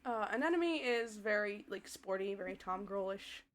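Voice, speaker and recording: A woman's voice: mid-range voice, animated, moderate pace. A woman streaming a game live, chatting casually with her chat and giggling often. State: voice tiring. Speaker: VTuber streamer.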